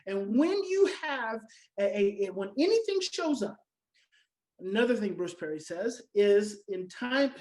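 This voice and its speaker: A woman's voice: medium pitch, animated, a little slow, a little mellow, low-quality recording. A woman giving a teaching talk on parenting adopted children, emphatic and repeating her key phrases, now and then acting out everyday reactions. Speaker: conference speaker on adoption parenting.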